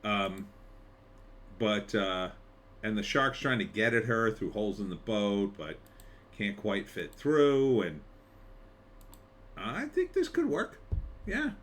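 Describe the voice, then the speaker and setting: A screenwriter, a man with a lowish voice, gives loose, offhand commentary on a movie trailer, rambling with frequent fillers and wry asides. His intonation is lively, his pitch swings widely, and he speaks slowly with a fairly bright tone. A faint hum of ambience sits behind him.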